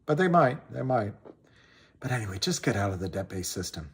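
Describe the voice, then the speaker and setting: A man hosts a casual livestream, rambling about money and greeting viewers by name, often trailing off and starting again. His voice is lowish and a little fast, with big swings in pitch.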